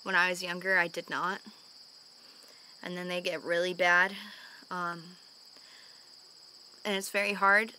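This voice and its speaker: Earnest young woman with a bright voice. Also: fairly low pitch, slight background noise. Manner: earnest and open, with frequent sighs and fillers. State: calming down after a panic attack. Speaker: vlogger. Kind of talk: candid personal talk to camera. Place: at home in the evening.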